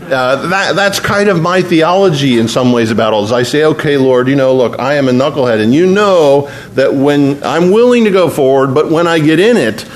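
A man's voice: medium pitch, normal speed, hardly any pauses, slight background noise. A man preaching a sermon in an earnest, conversational way, slipping into spoken prayer. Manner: earnest, conversational, prays aloud mid-sermon.

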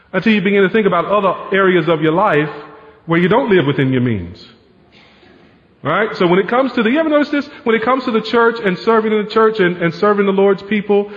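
Preaching man in a reverberant church. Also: sits high. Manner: conversational preaching, rhetorical asides. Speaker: pastor. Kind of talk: sermon. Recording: dull sound with long hall reverb.

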